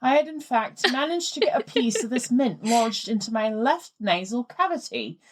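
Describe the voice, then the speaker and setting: Posh british guy, woman reading his letter out, deadpan storytelling, bouncy pitch. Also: moderate pace. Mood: wry. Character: posh adult British man recounting a mishap. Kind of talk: reading a listener letter aloud.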